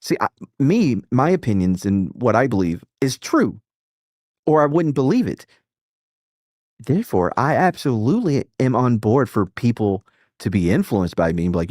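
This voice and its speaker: A man's voice: medium pitch, very animated, normal speed, darkish tone, no echo, studio quality. A man hosting a casual live stream who rambles and swears, with frequent restarts. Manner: rambling and profane, with many restarts and self-interruptions. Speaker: streamer and host.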